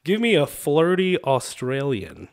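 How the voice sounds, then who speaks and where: Young male podcast host, casual and animated, swinging pitch, slightly high. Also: takes it slowly, creaky. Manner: animated, laughs often, swears. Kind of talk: casual chat.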